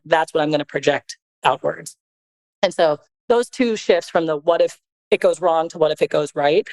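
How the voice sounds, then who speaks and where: A woman's voice: fairly low pitch, rough recording. A woman talking as a podcast guest and co-author, sharing advice in an earnest, reflective, conversational way.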